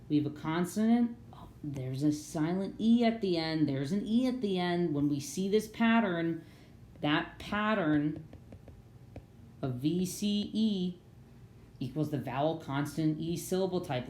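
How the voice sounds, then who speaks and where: A woman leads a children's phonics lesson in an animated, sing-song teaching voice. Her tone sits on the lower side, and the recording carries an echoey room with faint ambient hiss.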